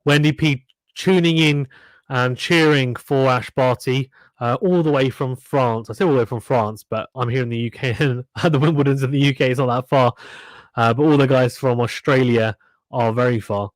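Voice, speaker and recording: A man hosts a live tennis watchalong, casually calling points and reading viewer comments from chat between them. His medium-pitched voice is steady at a moderate pace, with no room sound.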